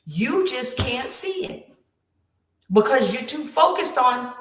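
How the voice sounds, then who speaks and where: A woman's voice: high-pitched, lively intonation, unhurried, fairly bright tone, reverberant. A woman writing coach giving an emphatic, preachy motivational talk with lots of repetition.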